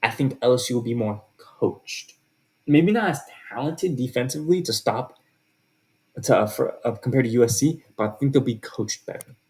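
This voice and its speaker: A man's voice: medium pitch, animated, normal speed, darkish tone. A man talking casually through his football predictions, with lots of fillers and restarts. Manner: chatty, with many fillers and restarts. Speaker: sports video host.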